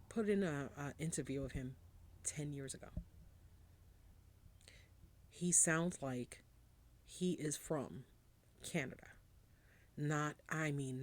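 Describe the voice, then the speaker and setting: A woman's voice: deep voice, darkish tone. A woman, hosting a podcast as a casual, rambling monologue, blunt and chatty with casual swearing. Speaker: podcast host.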